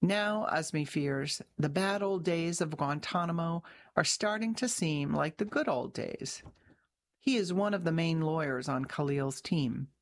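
Woman journalist reading her article aloud, lowish voice, calm and measured, trips on a word now and then. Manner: measured, even reading with occasional restarts. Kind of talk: scripted narration.

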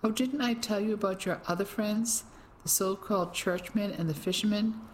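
A woman's voice: mid-range voice, normal speed, slight background noise, pitched above the performer's own voice, lightly acted, poor audio. A woman reading the part of a smug, cruel male Nazi officer with a mocking, menacing manner. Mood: gloating. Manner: mocking, menacing, self-satisfied.

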